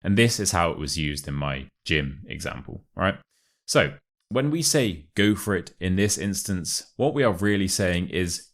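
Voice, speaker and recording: A young man with a modern RP British accent teaching English expressions, speaking clearly and slowing down for example phrases. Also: deep voice, animated, a bit bright. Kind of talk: online English lesson.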